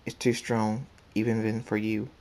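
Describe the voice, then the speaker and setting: A lonely, wounded unicorn mare from a fan storybook, read aloud by a man. Quiet and halting, in a low, flat voice. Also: natural voice. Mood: weary.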